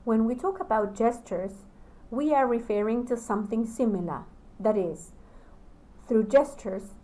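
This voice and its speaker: A Spanish-speaking woman delivers a recorded lecture on teaching in English. Her voice sits a little high, and she moves at an unhurried pace. She pauses often between phrases, like a teacher letting each point settle. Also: poor audio. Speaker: teacher trainer.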